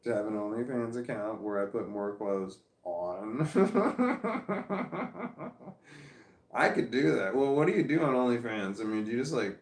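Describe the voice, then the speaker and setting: Speaking from an armchair in a room at home, a middle-aged man chats casually on a livestream, reading viewer comments aloud in a rambling, self-mocking way and laughing a lot. His voice is fairly low and brisk. The phone mic picks up an echoey room.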